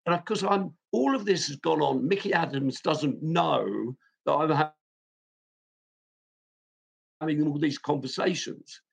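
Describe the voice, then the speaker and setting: A man, a football club chairman, telling an anecdote in a lively way, chuckling often and restarting his sentences with fillers. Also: fairly high pitch, unhurried, vocal fry, long pauses, breathy edge. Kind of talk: anecdotal storytelling.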